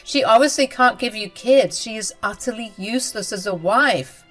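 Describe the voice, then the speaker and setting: A woman's voice: fairly high pitch, normal speed, fairly bright tone, faint music behind, rough recording. A woman voicing a cruel, smug young sister-in-law who talks down to everyone in a self-righteous way.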